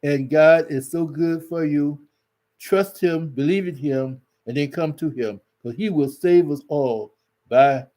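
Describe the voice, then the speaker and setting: Folksy preaching man with a mellow voice. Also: on the high side, measured pace. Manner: folksy and exhorting, repeats words for emphasis. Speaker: relationship advice host. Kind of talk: preachy religious advice talk.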